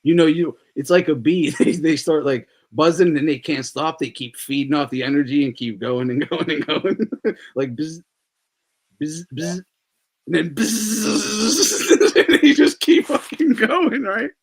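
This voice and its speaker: Expressive and a little high, this man talks at a normal speed while hosting a relaxed podcast. His chatter is loose and profane, with frequent laughter.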